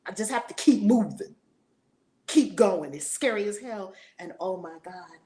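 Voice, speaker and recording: A woman's voice: medium pitch, lively intonation, measured pace, warm tone. A woman in her forties teaching a spiritual lesson in a fiery, preacher-like way, acting out voices. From United States.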